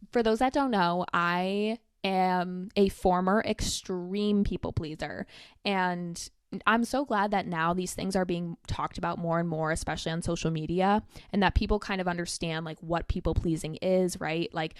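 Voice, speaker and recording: A woman's voice: lowish voice, clean tone, no room sound, studio quality. A young woman in her twenties hosting a podcast, telling a story in a chatty, casual way with lots of filler words. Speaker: podcast host.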